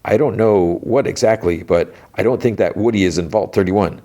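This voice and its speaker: A man's voice: low-pitched, dark tone, pitched above the performer's own voice. A man voicing a nervous young groom who halts and then blurts out accusations in a raised voice. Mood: urgent. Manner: hesitant, halting.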